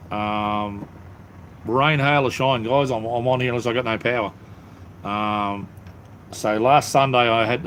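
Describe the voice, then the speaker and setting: A medium-pitched male voice belongs to a middle-aged livestream host with an Australian accent, chatting in a laid-back, rambling manner with lots of ums. He's set up in a cleared-out space under his house, and there's a little hiss or hum.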